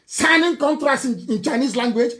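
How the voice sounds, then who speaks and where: A man with a Nigerian accent giving an impassioned political broadcast, mocking and scornful, repeating his points and breaking into shouts. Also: extremely high pitch, normal speed. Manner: fiery, mocking, scornful laughter, repeats phrases, bursts into shouting. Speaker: political activist leader.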